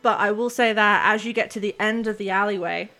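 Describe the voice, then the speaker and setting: A woman's voice: medium pitch, fairly quick, bright, forceful tone, faint music behind. A woman narrating as game master, chatty and laughing often.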